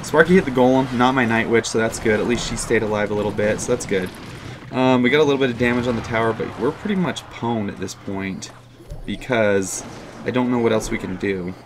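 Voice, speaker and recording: A man's voice: medium pitch, fairly quick, background noise. Frustrated young man commentating a mobile game. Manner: frustrated, self-mocking, swings to loud outbursts. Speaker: gaming YouTuber.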